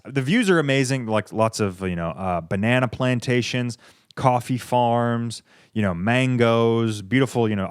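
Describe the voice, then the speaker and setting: A young American man talks straight into a close, dry microphone, his voice smooth and clean. He rambles through a casual solo podcast, swearing freely and drifting into sarcastic tangents. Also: mid-range voice, dry recording. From United States. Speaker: podcast host.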